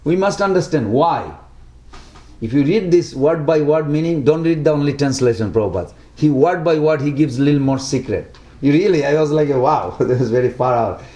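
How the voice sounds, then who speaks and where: A man giving a devotional talk to a small group in simple, broken English, often asking lively rhetorical questions. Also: on the high side, normal speed, reverberant. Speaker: devotional speaker.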